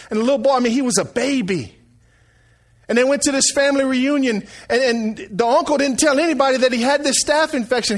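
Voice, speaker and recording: A middle-aged preacher man with a high, light voice. He talks to his congregation like neighbors, folksy and loose, tossing them quick questions as he goes. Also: fairly bright tone. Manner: folksy, conversational preaching with call-outs to the congregation. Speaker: pastor. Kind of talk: sermon.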